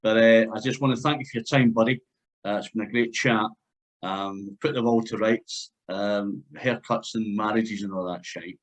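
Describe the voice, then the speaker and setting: Male interviewer, chatty, quick to laugh, video-call audio. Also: on the low side, fairly even intonation, poor audio. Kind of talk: casual chat.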